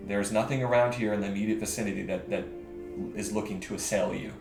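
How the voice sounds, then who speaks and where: A man's voice: fairly low pitch, steady tone, fast, reverberant, over music. A man narrating as game master of a tabletop game, describing scenes and often correcting himself mid-sentence. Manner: descriptive, with frequent self-corrections.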